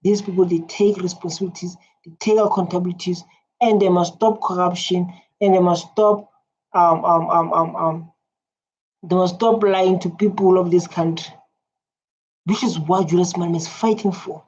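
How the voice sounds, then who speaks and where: A South African woman giving excited, repetitive commentary as a reaction video host, halting with fillers. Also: on the low side. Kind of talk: casual commentary. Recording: dull lo-fi sound with faint ambience.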